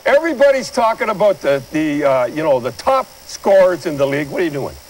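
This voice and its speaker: This older Canadian hockey commentator speaks fairly quickly in a high, animated voice, blunt and rambling in opinionated studio style. He repeatedly urges viewers to watch the replays, heard through poor audio.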